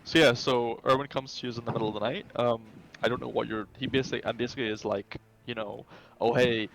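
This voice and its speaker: A man runs a tabletop game over voice chat, rambling and casual with a gravelly voice. A faint hiss and some room sound sit behind him. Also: medium pitch, fairly even intonation, quick pace, fairly bright tone. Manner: rambling, filler-heavy, swears casually. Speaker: game master. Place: home, online voice chat.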